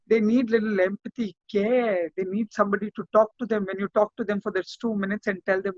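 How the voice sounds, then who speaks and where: A man's voice: high voice, little pitch movement, fairly quick, hardly any pauses, fairly bright tone, no room sound. A man, a lawyer telling his story in an interview in an impassioned, repetitive way. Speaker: lawyer and activist guest. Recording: dull, lo-fi sound.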